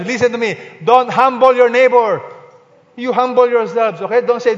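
A man delivers a sermon in a high-pitched voice, pausing often to quiz the congregation. He swings between forceful commands and near-whispered asides. The recording is muffled and carries a long hall reverb. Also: fairly even intonation. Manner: call-and-response preaching, asks the congregation questions; emphatic, swings between loud and soft. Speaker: pastor. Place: church hall.

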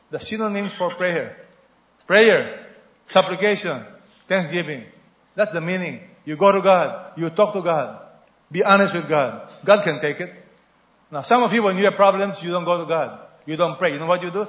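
A man preaching a sermon with lively storytelling, who asks the congregation questions and has them repeat after him. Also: a little high. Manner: animated preaching, call-and-response questions to the congregation. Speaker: pastor. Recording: echoey, slightly dull hall recording.

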